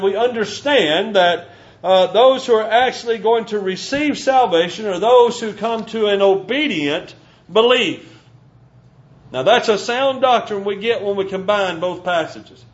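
A male preacher giving a sermon, teaching from scripture and slowing down to stress key phrases. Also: sits high, dull audio. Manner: emphatic, slows down to stress scripture.

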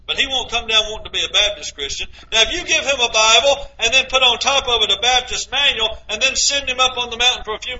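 A man's voice: extremely high pitch, bright, forceful tone. A man preaching a sermon, quoting scripture and asking his listeners rhetorical questions. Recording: dull lo-fi recording.

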